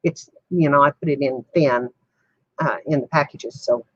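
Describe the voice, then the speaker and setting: A woman's voice: a bass voice, normal speed, husky, no room sound, muffled recording. An older woman chatting casually with viewers on a home livestream, laughing often in a folksy way. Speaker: livestream host. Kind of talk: casual chat answering viewers.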